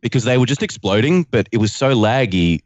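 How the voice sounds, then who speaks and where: A man guest on a gaming podcast, telling a story in a self-deprecating, animated way. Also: mid-range voice, fairly quick, dry recording, lo-fi sound. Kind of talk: casual storytelling.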